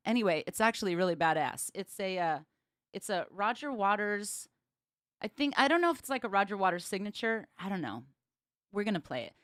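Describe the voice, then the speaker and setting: A woman hosting her own livestream as a bass player, chatting casually with viewers and laughing often. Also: expressive, a little fast, fairly bright tone, dry recording, studio quality. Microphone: streaming setup with cameras.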